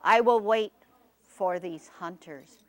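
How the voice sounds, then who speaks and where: A woman storyteller voicing a calm, dignified male magical deer who speaks slowly and gravely. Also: medium pitch, no echo, lightly acted. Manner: slow, grave and reproachful.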